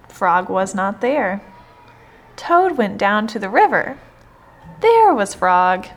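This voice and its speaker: A woman reading a children's storybook aloud in a high voice. Her delivery is slow and unhurried, with a lively, singsong lilt. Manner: slow, expressive.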